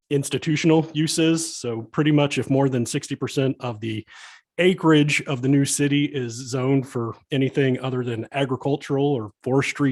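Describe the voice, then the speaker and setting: A man's voice: mid-range voice, darkish tone, slightly rough. A man explaining minimum legal standards to a committee in a plain, explanatory way, with some restarts. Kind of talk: explaining statute at a hearing.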